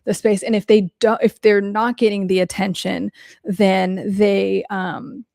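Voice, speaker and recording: This mental health coach hosts a podcast and answers questions alone, animated and storytelling, casual and blunt, with lots of fillers and free swearing. Her mid-range voice has vocal fry and an unhurried pace. The recording is dry and studio quality.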